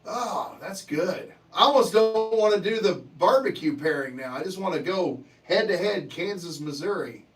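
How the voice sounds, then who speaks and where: A male livestream host chats loosely with his viewers, joking, cursing and laughing often. His voice sits fairly high and swings widely in pitch. He sounds a bit distant from the microphone. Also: expressive, normal speed, few pauses, over loud music. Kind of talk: casual chat reading viewer comments.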